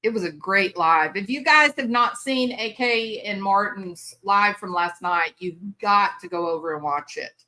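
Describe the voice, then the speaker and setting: An older woman chats away on a live stream, bubbly and quick to laugh. Her voice is bright and forward, and her pitch sits in the middle. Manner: bubbly, chatty, laughs often, drawls y'all. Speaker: livestream host. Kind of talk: casual live-stream chat.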